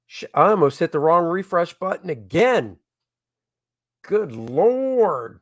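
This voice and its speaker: A man hosts a casual livestream from home, talking to viewers about his comic's crowdfunding campaign. His voice sits a little high and his pace is slow and unhurried. He is chatty and gets excited as backers come in. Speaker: comic creator hosting a crowdfunding stream.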